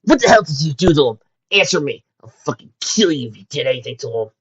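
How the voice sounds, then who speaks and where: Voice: mid-range voice, very animated, fast talker, slightly rough, lo-fi sound, pitched above the performer's own voice. A man voicing a hot-tempered female pony prisoner with a growling, commanding manner. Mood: furious.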